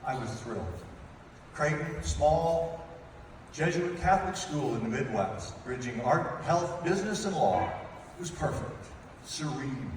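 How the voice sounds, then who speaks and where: In a large wedding reception hall, a man in his fifties gives a comic father-of-the-bride toast, teasing playfully and acting out voices as he tells stories. His mid-range voice is expressive and unhurried. The recording is echoey, with a distant mic and room noise.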